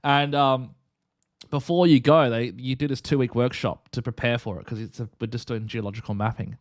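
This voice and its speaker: A young man tells a story on his live stream in a chatty, animated way, slipping into the voices of the people in it. His voice sits at a middle pitch. It sounds dry and close, with no room around it. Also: fairly quick, dry recording. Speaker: streamer and host.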